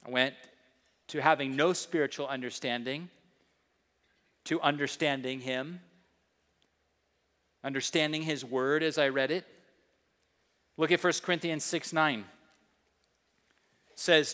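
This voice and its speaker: A middle-aged man preaching as a pastor, telling stories with emphasis and reading scripture slowly and deliberately. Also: a little high, steady tone, pushed and bright, big-room sound. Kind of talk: sermon.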